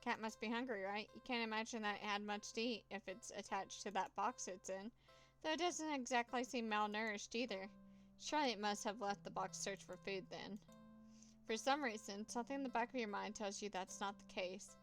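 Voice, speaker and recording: A woman reading a horror text game aloud, voicing the cat's meows and the mouse's squeaks herself, with nervous asides between choices. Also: fairly bright tone, soft background music. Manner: reads with dramatic pauses and nervous asides. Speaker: gameplay narrator.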